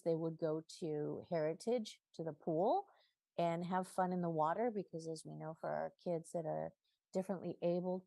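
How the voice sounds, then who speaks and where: A woman's voice: on the low side, creaky, darkish tone, no echo. A woman giving an earnest, heartfelt public comment at a city council meeting. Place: city council chamber at a podium.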